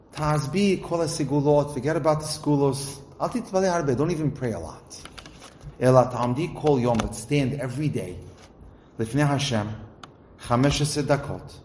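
A man giving a religious inspirational talk, reading Hebrew passages and translating them line by line in a lively storytelling manner. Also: medium pitch. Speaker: lecturer. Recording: echoey room with faint noise.

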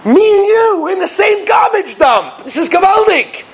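A loud, brash chicken , as a man puts it on, squawks at the very top of its range. It brags and shouts with excitement in a storytelling voice. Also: very high voice, normal speed, a faint crowd, pitched above the performer's own voice. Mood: excited brag. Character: boastful chicken at a garbage dump.

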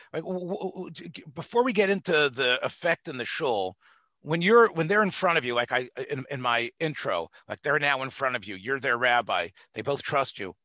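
Male podcast host, bright tense voice, chatty with Yiddish asides, dry sound. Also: fairly high pitch, dry recording. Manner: chatty, animated, Yiddish asides, many fillers. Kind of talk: interview conversation.

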